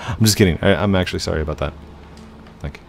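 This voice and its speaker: Male gaming host, deep and gravelly, slow unhurried delivery, chatty play-by-play with faint music underneath. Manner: chatty, narrating his own moves, talking to viewers. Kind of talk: casual let's-play commentary. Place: home computer setup.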